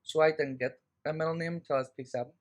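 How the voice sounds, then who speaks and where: A man on a podcast, rattling off stories in loose, profane, slangy chat. His voice sits on the higher side for a man. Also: very fast. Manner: animated anecdotes, slangy and profane. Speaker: podcast co-host. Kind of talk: casual chat, storytelling.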